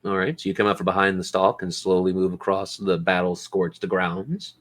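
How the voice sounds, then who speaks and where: A man running a tabletop role-playing game as game master, lively and encouraging, laughing easily with his players. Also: low voice, normal speed.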